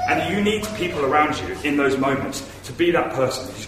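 Animated man preaching in an echoey hall. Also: on the high side, a little fast, over a noisy crowd. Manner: earnest, conversational, animated storytelling. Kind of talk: sermon. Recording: echoey hall from far off with noise.

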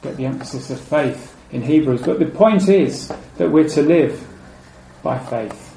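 A man preaching a sermon. He is measured and repeats key phrases, and his voice drops low and soft at the ends of phrases. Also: vocal fry. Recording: echoey room with faint ambient noise.

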